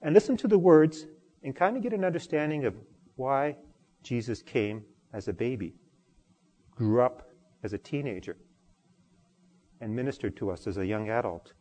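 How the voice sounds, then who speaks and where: A man preaching a sermon as pastor, expressive, swinging from loud emphasis to quiet. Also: medium pitch, moderate pace, long pauses, in a large hall.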